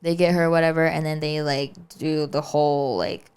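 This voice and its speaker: A woman's voice: low-pitched, fairly even intonation, normal speed, darkish tone, clear, resonant tone. A woman podcast co-host casually telling a spooky story, chatty and always checking in with "right?" and "like.". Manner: chatty, keeps saying "right?" and "like".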